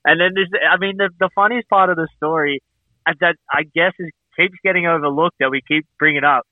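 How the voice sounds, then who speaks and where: Male podcast guest, slightly high voice, tinny phone line, rambling and amused. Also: steady tone, fairly quick, no room sound. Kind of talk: casual chat.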